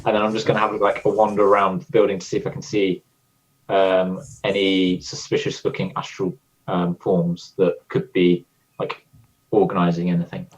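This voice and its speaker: A man with a low voice plays a tabletop game. He describes his moves at an easy pace and fills the gaps with ums. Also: normal speed, rough recording. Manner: relaxed, drawn out with ums. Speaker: player. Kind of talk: casual tabletop play.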